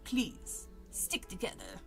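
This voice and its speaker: A woman's voice: takes it slowly, faint music behind. A woman voicing a cheerful, joking middle-aged male tour guide in a read-aloud story. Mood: announcing. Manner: bright, casual, teasing.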